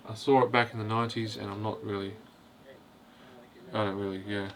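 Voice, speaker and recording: A man's voice: fairly low pitch, level tone, a little fast. A man casually reviewing a film, hesitant and rambling, with constant "you know" fillers. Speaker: host of a film review video.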